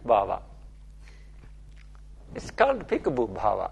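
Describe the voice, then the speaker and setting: Male spiritual teacher, gravelly and a bit husky, playful and repetitive, keeps checking in with listeners. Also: medium pitch, expressive, a little slow. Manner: playful, repetitive, asks okay often. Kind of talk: spiritual talk.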